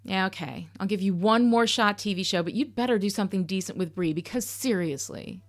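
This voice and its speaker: A woman's voice: mid-range voice, fairly quick. A woman hosting a podcast, giving candid, sarcastic commentary on a TV episode, swearing casually. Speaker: podcast host.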